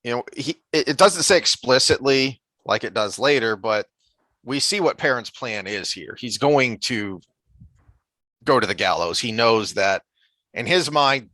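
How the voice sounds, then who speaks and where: Bright-voiced man discussing a book. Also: medium pitch, lively intonation, measured pace, dry recording. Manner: thoughtful, with frequent fillers and restarts; reads passages from the book aloud. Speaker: podcast co-host.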